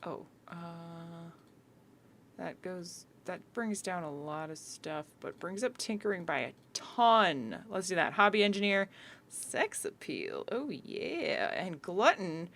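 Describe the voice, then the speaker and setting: A woman's voice: lowish voice, big pitch swings, a little slow, vocal fry, fairly bright tone. A young woman hosting a casual let's-play, chatting as she picks skills, rambling and correcting herself with small laughs. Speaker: gaming video host.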